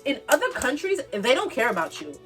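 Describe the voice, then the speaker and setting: A woman in her twenties from the Bronx, New York, with a New York accent, telling a storytime tale in an animated, emphatic way and repeating her points. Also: high voice, a little fast, recorded from a distance, faint music behind. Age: 20s. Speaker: vlogger. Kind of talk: casual storytime monologue.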